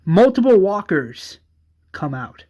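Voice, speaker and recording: A man's voice: high voice, very animated, slow, mellow, lo-fi sound. A man casually narrating a fan retelling, with loose, conversational phrasing.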